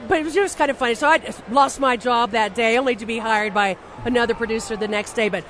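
High-voiced woman telling blunt stories. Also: quick pace, some chatter behind, a little hiss or hum. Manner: blunt, animated, profane, with frequent restarts. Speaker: interview guest, novelist. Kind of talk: casual anecdotal storytelling.

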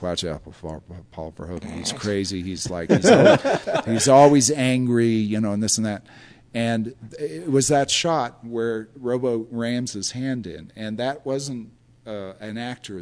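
An older man, a film historian, telling long casual anecdotes in a rambling, animated way, acting out quotes and laughing often. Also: fairly low pitch.

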